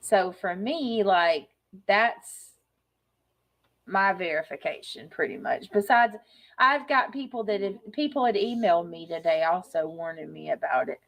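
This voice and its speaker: A woman in a played video clip, reading aloud from a web page with hesitant pauses and fillers. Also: lowish voice. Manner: hesitant, unsure of names, many fillers.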